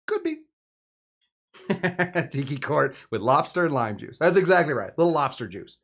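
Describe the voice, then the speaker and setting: A man's voice: fairly high pitch, lively intonation, moderate pace, a bit bright. A man hosting a casual home cocktail video, rambling and joking with many fillers as he talks. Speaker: home bartender host. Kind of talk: casual cocktail-making video with live chat.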